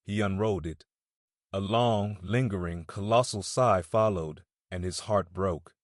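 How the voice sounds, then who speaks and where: Brief: male audiobook narrator, lowish voice, measured and steady, dry close sound. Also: no room sound. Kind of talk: scripted narration.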